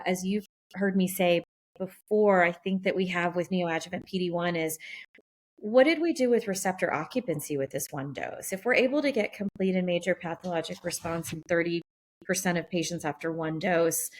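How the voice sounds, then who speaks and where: Lower-pitched woman, podcast co-host, walks through the research step by step. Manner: methodical, detailed explaining. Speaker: podcast co-host and melanoma specialist. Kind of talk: medical podcast discussion.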